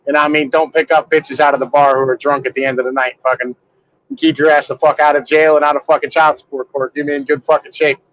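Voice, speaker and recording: A man's voice: fairly high pitch, flat delivery, fast, fairly bright tone. A man co-hosting a podcast in rambling, profanity-heavy casual banter over a remote call. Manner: rambling, heavy swearing and fillers. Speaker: podcast co-host. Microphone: remote call connection that drops out. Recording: muffled dry remote call audio.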